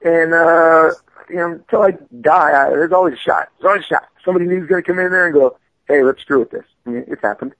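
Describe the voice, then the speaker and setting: Brief: high-voiced man, comic artist guest, animated rambling chat, dry close sound. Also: quick pace, no room sound, dull audio. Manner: rambling, animated, profane storytelling. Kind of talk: casual podcast chat.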